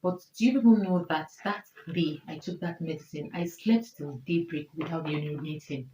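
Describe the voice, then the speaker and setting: This vlogger, a Nigerian-accented woman in her thirties, talks about her health with emotion and keeps circling back to the same points. She has a low, warm voice at a normal pace, recorded in an echoey room with a little noise.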